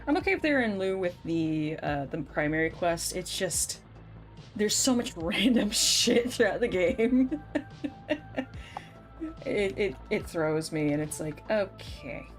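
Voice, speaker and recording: There's faint music behind this young woman's slow, expressive, lowish voice as she streams a game. Her gameplay chatter is casual and lighthearted, full of laughter and joking threats.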